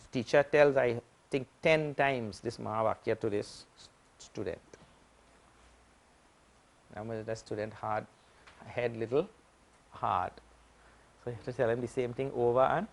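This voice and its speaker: Swami teaching patiently. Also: male voice, lowish voice, gravelly. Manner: patient, repetitive teaching with simple analogies. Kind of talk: spiritual lecture.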